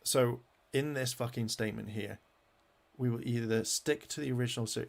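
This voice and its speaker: A gravelly-voiced man rants angrily on his vlog, swearing in nearly every sentence while he browses web pages. His talk is heated and halting, full of false starts, and his voice sits at an ordinary male pitch with a rough creak running through it. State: angry. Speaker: fan vlogger.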